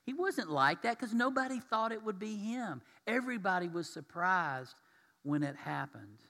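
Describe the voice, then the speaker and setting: A man preaching in a church sanctuary, his slightly high, bright and forceful voice carrying a long reverb tail through the hall. He keeps the sermon conversational, often turning to his congregation with questions. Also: expressive, moderate pace. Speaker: pastor.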